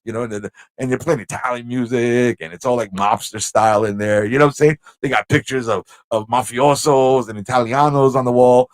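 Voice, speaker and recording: A man with a New York accent, a livestream host telling a story in a casual, animated way, acting out voices and laughing often. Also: mid-range voice, a little fast, no echo. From Corona, Queens, New York.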